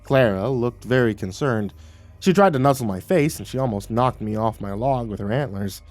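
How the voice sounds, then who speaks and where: A man's voice: medium pitch, normal speed, dry recording, soft background music. A man telling a first-person horror story as a narrator, in a vivid, profane manner. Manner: vivid, profane, grows excited.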